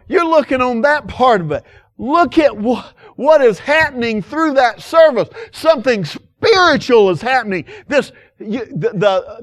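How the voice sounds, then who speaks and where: A man preaching a sermon with passion, asking the listeners many direct questions and swinging from loud emphasis to quiet asides. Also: extremely high pitch, no echo. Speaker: pastor.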